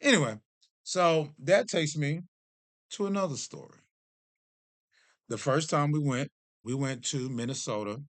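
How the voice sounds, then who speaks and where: A man in his thirties or forties chatting to camera as a vlog host, telling stories in an animated, joking, self-deprecating way. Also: a little high, unhurried, long pauses, no echo. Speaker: vlogger host. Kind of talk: casual chat to camera.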